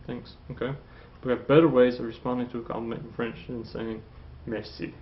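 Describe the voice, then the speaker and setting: A man teaching a French lesson, explaining slowly, saying "okay" a lot and repeating each model phrase twice. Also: medium pitch, level tone, dull audio, heavy background noise. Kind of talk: classroom lesson.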